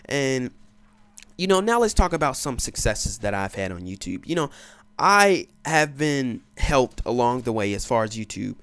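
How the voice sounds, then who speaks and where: Swaggering gaming commentator, lively voice. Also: male voice, mid-range voice, normal speed, clear, resonant tone, no room sound. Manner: boastful, swaggering; profane, laughing storyteller. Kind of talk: casual gameplay commentary.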